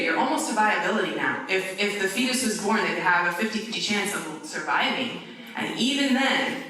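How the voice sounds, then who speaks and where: A woman around thirty giving a conference presentation, talking conversationally and checking in with the audience with quick "okay?" tags as she argues point by point. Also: medium pitch, bright, forceful tone. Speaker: conference speaker. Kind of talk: lecture-style presentation. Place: large university lecture hall. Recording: echoey hall, distant mic.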